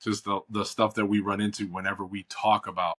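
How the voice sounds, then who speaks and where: A man from Chicago hosts a casual podcast chat, rambling easily with slangy asides. His voice sits on the low side. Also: flat delivery, a little fast, a bit bright. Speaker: podcast host.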